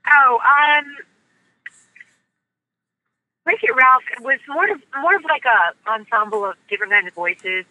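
On a rough recording, a voice actress guest raised in the US talks in a high, bright, forceful voice, animated yet a little slow and pausing often. The casual interview chat finds her upbeat and bubbly.

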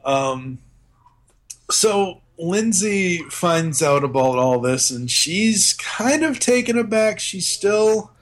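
A man's voice: high-pitched, animated, takes it slowly. A man on a podcast, casually recapping a film's plot with lots of fillers and restarts. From Boston area. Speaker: podcast co-host. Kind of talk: casual movie discussion.

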